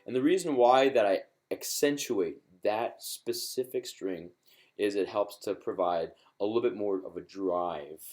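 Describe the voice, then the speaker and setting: A man's voice: on the low side, measured pace, darkish tone, soft background music. A man teaching ukulele in a live-streamed lesson. He is encouraging and chatty, with many fillers and restarts.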